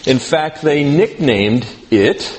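A man's voice: medium pitch, expressive, takes it slowly, slight background noise. Man teaching a Bible class. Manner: conversational teaching, asks the room questions. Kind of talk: sermon.

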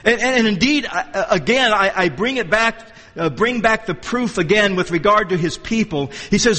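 A pastor preaches an expository sermon in a high-pitched, expressive voice at a moderate pace, pushed and bright, with a long reverb tail. He's emphatic, repeating phrases for stress and often restarting sentences mid-thought.

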